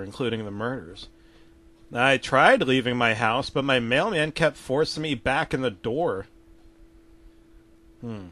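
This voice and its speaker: A man narrating a comedic horror story in a deadpan, mostly low-key way with sudden loud outbursts.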